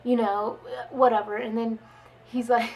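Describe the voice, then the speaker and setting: A young woman vlogger telling a story in casual chat, chatty and animated, with many "like"s and quoted dialogue. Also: on the high side, a little slow, slight background noise, rough recording.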